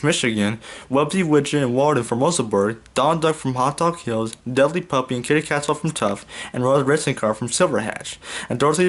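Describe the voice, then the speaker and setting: Young man casually reading a fan story. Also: mid-range voice. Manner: casual, stumbles and restarts. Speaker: YouTube fan fiction reader. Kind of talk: casual read-aloud narration.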